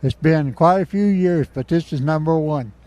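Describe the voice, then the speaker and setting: A man's voice: fairly high pitch, darkish tone, dry recording. An older man who has spent decades on the sidelines of this football team, giving short, plain answers in an interview on the field. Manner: brief, plain, unhurried answers. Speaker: longtime sideline volunteer.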